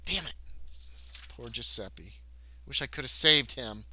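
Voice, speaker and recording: A man's voice: mid-range voice, measured pace, a little hiss or hum. A man livestreaming a solo tabletop horror game, rambling and interrupting himself as he chats with viewers and reacts to the game. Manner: rambling, self-interrupting, excitable chatter with the chat.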